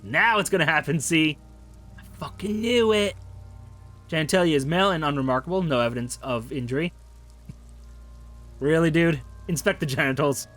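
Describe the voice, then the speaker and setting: A man's voice: fairly high pitch, fairly quick, a bit bright, soft background music. A man narrating a detective game, reading the text aloud in a casual way with wry asides. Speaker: game streamer.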